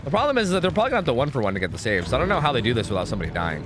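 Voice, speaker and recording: Lively young male gaming streamer. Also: medium pitch, noisy background. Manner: chatty, swearing, laughing, quick asides to chat. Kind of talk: casual gaming commentary.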